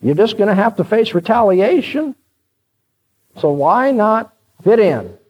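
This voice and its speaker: A man's voice: sits high, sing-song, a little slow, husky, voice pushed up, full character voice. A man voicing a pushy male messenger who coaxes and pressures someone to conform. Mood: coaxing, pressuring. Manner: coaxing, insistent, pressuring. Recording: dull lo-fi recording.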